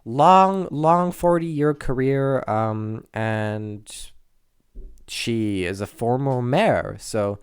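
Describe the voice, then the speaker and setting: With drawn-out words and a clean, mid-range tone, a host meanders through contest predictions in a playful mood, self-correcting and cracking asides. A close desk microphone leaves no trace of room sound.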